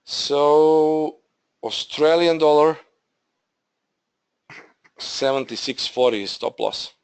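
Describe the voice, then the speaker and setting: Slow-talking man presenting a trading webinar. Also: fairly high pitch, clear, resonant tone. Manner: halting, repeats himself, addresses viewers as "guys". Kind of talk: live trading webinar walkthrough.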